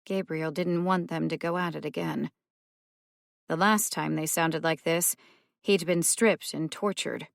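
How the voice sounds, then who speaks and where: A woman narrating an audiobook in a measured, even way. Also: deep voice, vocal fry, no room sound, studio quality. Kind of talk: scripted narration.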